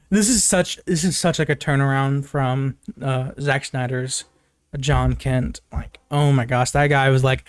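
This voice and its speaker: Young male reviewer, slightly high voice, dry close sound, rambling casual recap with lots of fillers. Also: measured pace, no echo. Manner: rambling, many fillers and restarts, jumps high when quoting characters; laughs often, swears casually. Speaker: movie reviewer. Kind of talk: casual spoken movie recap.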